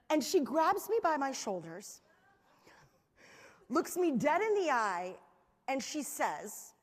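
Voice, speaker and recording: A woman giving a motivational stage talk, telling stories in an animated, chatty way to a live audience. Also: high voice, normal speed. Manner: animated storytelling, chatty fillers. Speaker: keynote speaker. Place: large hall with live audience. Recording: reverberant hall.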